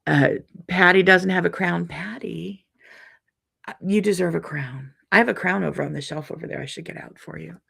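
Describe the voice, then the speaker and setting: A middle-aged woman hosts a relaxed live stream, talking in a loose, rambling way full of ums and restarts. Her voice is deeply gravelly and husky. She reads viewers' comments aloud and answers each one. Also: moderate pace. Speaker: quilting channel host reading live comments. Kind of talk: casual live-stream chat.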